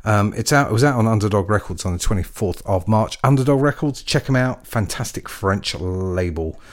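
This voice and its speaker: Chatty English man, animated DJ. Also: fairly low pitch, moderate pace. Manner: chatty, jokey, rambling with fillers. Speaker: radio DJ host. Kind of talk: casual radio presenting.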